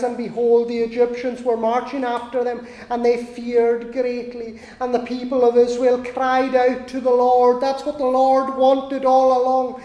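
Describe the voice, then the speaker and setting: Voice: mid-range voice, mellow. A preacher delivering a sermon, repeating key lines for emphasis. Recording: echoey hall with long reverb.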